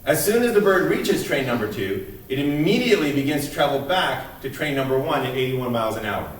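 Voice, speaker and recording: A man's voice: mid-range voice, animated, fairly quick. A man lecturing a class in an earnest, emphatic way, often restarting his sentences as he goes. His voice sits in a middle range and is picked up from a distance. A strongly echoing room and a faint background hiss surround him. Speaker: university lecturer. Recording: distant mic in an echoey room.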